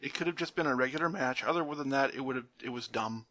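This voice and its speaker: A man's voice: mid-range voice, fast talker, bright, forceful tone, no echo, highs cut off. A man co-hosting a podcast, recapping a match in a joking, laugh-filled way. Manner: jokey play-by-play recapping, laughs often. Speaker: podcast co-host. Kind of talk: casual wrestling recap chat.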